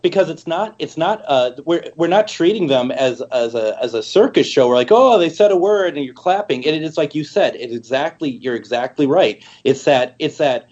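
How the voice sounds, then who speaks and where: A man's voice: medium pitch, animated, moderate pace, hardly any pauses, darkish tone, muffled recording. A man co-hosting a talk show who explains things in an eager, rambling casual chat. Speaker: co-host.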